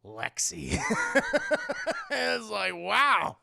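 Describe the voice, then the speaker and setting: A young man recapping a show on a live stream, profane and animated, talking to his chat. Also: on the high side, fairly quick, gravelly.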